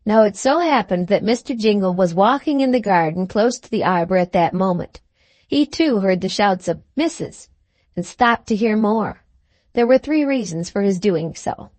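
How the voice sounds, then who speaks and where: A woman narrating an audiobook of a classic novel in a measured, unhurried way. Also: medium pitch, animated, darkish tone, no echo. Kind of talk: scripted narration.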